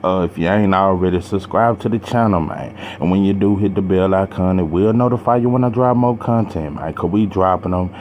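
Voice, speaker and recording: A man talking slowly and heavily to his channel viewers, pausing and sighing between halting phrases full of slang. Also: low-pitched, darkish tone, a little hiss or hum. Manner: slow, heavy, halting with sighs and slang. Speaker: boxing channel vlogger. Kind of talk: personal vlog talk to camera.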